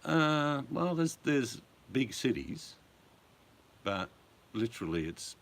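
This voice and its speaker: An older Australian man chatting casually, a rambling storyteller who chuckles and slips into loud put-on voices in his anecdotes. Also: mid-range voice, big pitch swings, slow. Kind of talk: casual chat.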